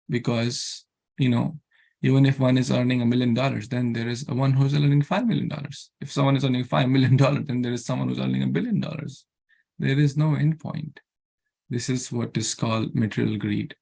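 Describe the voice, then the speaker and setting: Earnest and repetitive, a man teaching a scripture class preaches with a creaky, medium-pitched voice. He throws rhetorical questions at his listeners and breaks into chants and Sanskrit verses.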